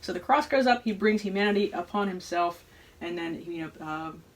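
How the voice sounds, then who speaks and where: A woman of medium pitch, talking a little fast, leads an informal music lesson as host and educator, thinking out loud with hesitations and frequent "right?". The recording is rough, with loud choral and organ music beneath her voice.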